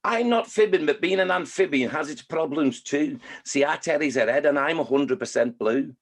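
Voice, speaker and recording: A man's voice: on the high side, moderate pace. Plain-spoken lady newt from reciting a comic rhyme, as a man puts her on. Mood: cheerful, chatty. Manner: chatty rhyming recital. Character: plain down-to-earth female newt.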